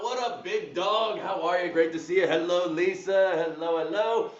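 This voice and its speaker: A man hosting a live workout class from a back house, hyped and shouting greetings like a hype man. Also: high-pitched, moderate pace, hardly any pauses, a little hiss or hum. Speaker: fitness instructor. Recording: echoey room, dull lo-fi sound.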